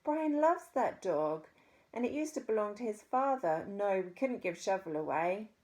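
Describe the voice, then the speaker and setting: A woman's voice: mid-range voice, big pitch swings, moderate pace, a little mellow, voice pushed up, close to an everyday voice. Storybook mother, earnest and pleading, a New Zealand woman reader doing her. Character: worried widowed mother, gentle and firm.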